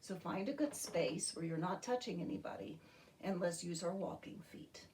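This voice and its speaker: A woman teaching a children's music and movement lesson in a gentle, encouraging way. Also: on the low side, recorded from a distance, heavy background noise. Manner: slow, gentle, encouraging, talks to young children.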